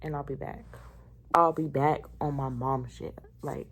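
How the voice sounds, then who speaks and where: A woman's voice: extremely low pitch, fairly even intonation, unhurried, rough recording. A nineteen-year-old woman and new mother, chatting casually and candidly on her vlog in rambling, slangy talk at home. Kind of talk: casual chat.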